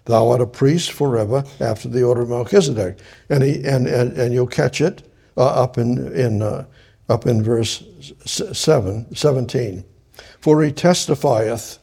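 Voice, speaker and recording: Male preacher, Bible study teaching; gravelly, husky, halting delivery with frequent restarts. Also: medium pitch, warm tone. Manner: halting, repeats and restarts phrases.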